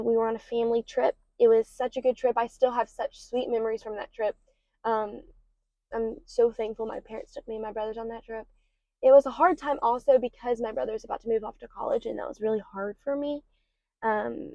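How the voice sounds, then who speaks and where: A woman's voice: on the high side, creaky, darkish tone, no echo. A young adult woman hosting a podcast, speaking candidly about her own life in rambling, casual talk full of ums and likes. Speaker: podcast host. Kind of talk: personal confessional podcast talk. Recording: slightly dull lo-fi recording.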